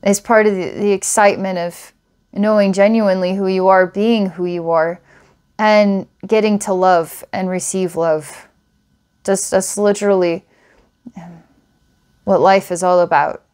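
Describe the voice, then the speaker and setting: Earnest and rambling, a woman delivers a recorded psychic reading to a client, restarting often and laughing occasionally. Her medium-pitched voice is clean, steady, slightly mellow, and a little slow.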